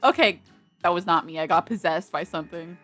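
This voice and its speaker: A woman playing through a visual novel, reading its text aloud and loudly scolding the characters in exasperation. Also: lowish voice, brisk, soft background music. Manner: animated, yelling in exasperation at characters. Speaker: game streamer.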